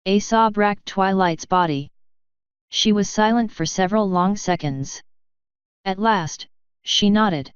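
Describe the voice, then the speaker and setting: A woman reading fanfiction aloud in steady, measured scripted narration, on a dull, dry recording. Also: medium pitch, clean tone, no room sound. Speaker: fanfiction reader.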